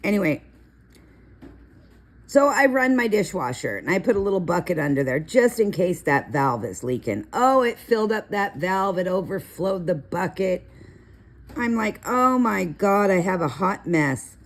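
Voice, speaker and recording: Middle-aged woman, deep speaking voice, relaxed chatty host who drifts into long personal stories. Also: moderate pace. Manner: chatty, storytelling, rambling asides. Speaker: coloring video host. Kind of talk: casual coloring tutorial chat.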